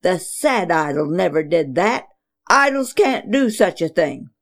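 A man's voice: sits high, expressive, measured pace, fairly bright tone, heavily acted. A woman reading the lines of an angry father in a children's story, barking and accusing. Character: stern angry village father.

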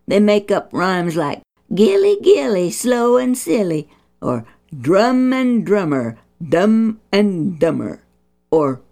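A woman voicing an eager young schoolboy who talks quickly and pleadingly in a high voice. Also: very animated, vocal fry, mellow, heavily acted.

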